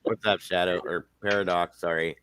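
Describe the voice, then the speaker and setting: A middle-aged man hosting a casual group chat, talking in a lively way, swearing a lot and laughing often. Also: sits low, normal speed, smooth. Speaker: podcast host.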